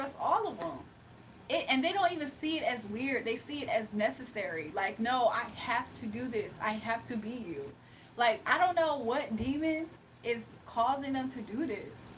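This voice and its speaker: A woman with a high voice holds a loose, animated livestream chat. She talks in slang, drawls her words, mocks people and often breaks into laughter. Faint noise sits behind her. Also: recorded from a distance.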